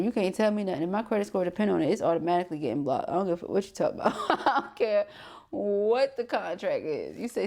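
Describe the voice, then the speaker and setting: A woman reading tarot for her viewers in a casual, sassy, blunt style, full of slang and quick laughs. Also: fairly low pitch, warm tone. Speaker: tarot reader and spiritual coach.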